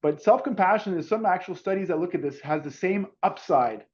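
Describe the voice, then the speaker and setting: A man's voice: sits high, lively intonation, a little fast, darkish tone, muffled recording. Casual man giving a webinar. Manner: informal, conversational, repeats words. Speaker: webinar presenter.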